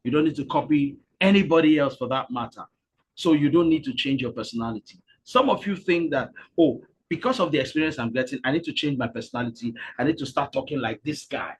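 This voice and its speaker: A man hosting a live webinar, energetic and repetitive, urging the audience to type into the comments. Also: medium pitch, fast talker, a little hiss or hum. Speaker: webinar host and speaker.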